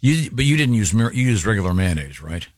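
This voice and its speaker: A joking man hosting a radio show reads listener mail aloud. His voice is fairly low and close to the mic. The room sound is dry. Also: sing-song, a little fast, no room sound. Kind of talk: casual radio banter.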